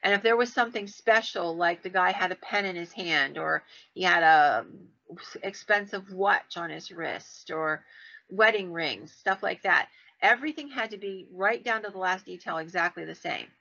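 A woman podcast host telling stories in a casual, animated way, acting out the people she quotes. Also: moderate pace, creaky. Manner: animated, acts out quoted voices with big pitch jumps. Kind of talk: casual storytelling. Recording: dull lo-fi sound.

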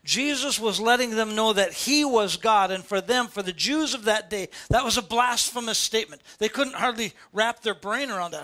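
A man's voice: sits high, normal speed, hardly any pauses, bright, forceful tone. An older man, a pastor preaching a sermon to his congregation, pressing his points with repeated, rising questions. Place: church sanctuary before a congregation.

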